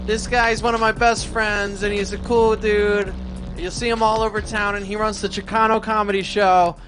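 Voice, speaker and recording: A man's voice: sits high, little pitch movement, normal speed, low-quality recording. A male comedy show host introducing the next comedian with upbeat emcee patter.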